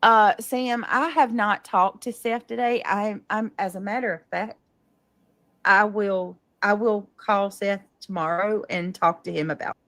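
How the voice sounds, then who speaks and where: Gravelly-voiced woman livestreaming. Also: medium pitch, steady tone, measured pace, a bit bright, no room sound. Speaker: livestreamer being reacted to. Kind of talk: casual livestream talk.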